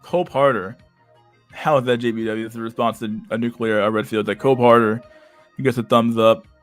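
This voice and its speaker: A man's voice: mid-range voice, level tone, fast, faint music behind. A man streaming casual commentary, reading comments aloud in a rambling, stammering way with frequent laughter.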